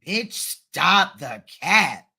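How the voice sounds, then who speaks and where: Bright-voiced woman ranting profanely. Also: lowish voice, very animated, extremely slow, gravelly, breathy edge. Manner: profane, insulting rant. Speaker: live stream host. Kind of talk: heated reaction livestream.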